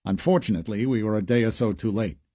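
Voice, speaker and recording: A man's voice: lowish voice, quick pace, dark tone, no room sound, close to an everyday voice. A man voicing a casual, chatty male FBI agent with a Boston accent in an audiobook.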